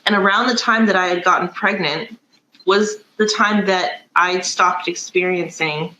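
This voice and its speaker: A woman's voice: lowish voice, unhurried, bright, forceful tone, echoey room, poor audio. A middle-aged woman hosting a podcast, telling stories casually with lots of fillers. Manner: chatty, storytelling with many fillers. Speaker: podcast host. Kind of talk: casual chat.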